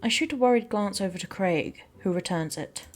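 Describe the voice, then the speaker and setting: A woman streaming a game, reading a visual novel aloud in an animated way and switching between character voices. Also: medium pitch, moderate pace.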